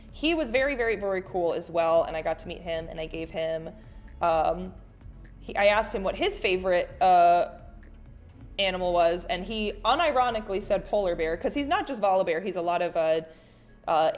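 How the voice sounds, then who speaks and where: A woman's voice: medium pitch, a little mellow. Woman, livestream host, casual rambling chat, lots of fillers and restarts, affectionate, faint music behind. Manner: reads viewer chat aloud and answers it; affectionate, calls people "sweet bean" and "honey".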